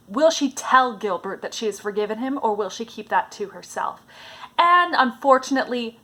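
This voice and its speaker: A woman, a vlogger and stage actress, chatting casually to camera and retelling favourite scenes with animated enthusiasm. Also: fairly high pitch. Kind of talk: casual storytelling chat to camera.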